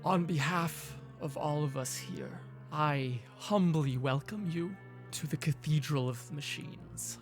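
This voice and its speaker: A man voicing a frail ancient elf, slow and solemn. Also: a little high, faint music behind. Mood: solemn welcome. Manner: slow, gentle, formal.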